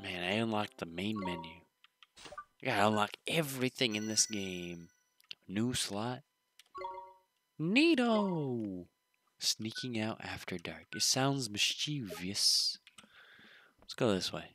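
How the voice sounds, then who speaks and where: A man's voice: fairly low pitch, unhurried, sharp tone, soft background music. A young man giving casual let's-play commentary, rambling with joking asides. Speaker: gaming video host.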